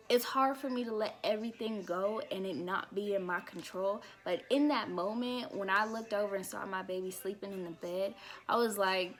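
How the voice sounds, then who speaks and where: A young woman vlogging a heartfelt personal faith testimony, emotional and laughing now and then between thoughts. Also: mid-range voice.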